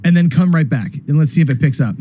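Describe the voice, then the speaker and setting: A man hosting a live gambling charity stream, rambling casually and clearing his throat as he talks. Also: a little high, quick pace, slight background noise. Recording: dull, dry lo-fi stream audio.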